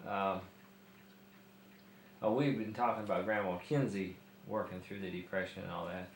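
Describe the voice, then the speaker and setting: A man interviews a relative about family history, pausing often as he shapes his questions. His voice is on the low side. The room is echoey with a faint hiss. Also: steady tone. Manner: hesitant, many fillers while framing questions.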